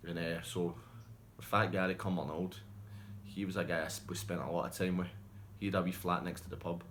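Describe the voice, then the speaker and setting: Low-voiced storyteller. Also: male voice, slight background noise. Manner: rambling, laughing, self-interrupting. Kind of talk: casual anecdote telling.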